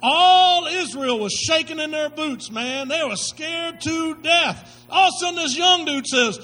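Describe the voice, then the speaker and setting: A man's voice: very high voice, measured pace, few pauses, bright, forceful tone, low-quality recording. A male pastor preaching a sermon, telling stories in folksy slang with emphatic delivery.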